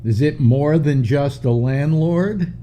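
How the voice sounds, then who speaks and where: An older man hosting a call-in talk show, chatting casually with a stuffy nose and many halting restarts. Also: a little high, dark tone, slight background noise. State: stuffy nose, slightly short of breath. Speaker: radio talk show host. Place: home studio in New York.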